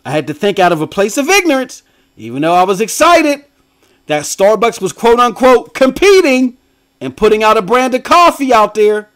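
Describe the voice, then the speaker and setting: Brief: middle-aged male stream host, high and very lively voice, animated, slangy, laughs often. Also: normal speed. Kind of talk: casual livestream commentary.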